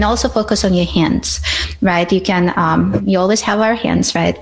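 A woman calmly explaining how to help with panic attacks, guiding breathing steps and often checking in with "right?". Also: lowish voice, moderate pace, creaky. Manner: calm, guiding, frequent "right?" tags. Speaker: guest expert on panic attacks. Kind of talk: calm instructional chat.

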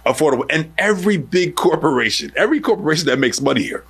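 A man's voice: a little high, lively intonation, fast talker, fairly bright tone, breathy edge. A man hosting an interview, making his case in emphatic lists. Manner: emphatic, building arguments in lists. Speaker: interview host. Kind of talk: radio interview.

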